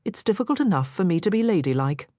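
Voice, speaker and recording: A woman voicing an impulsive young noblewoman who talks quickly, indignantly and earnestly, in a dry, close audiobook recording. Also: lowish voice, very animated, warm tone, dry recording.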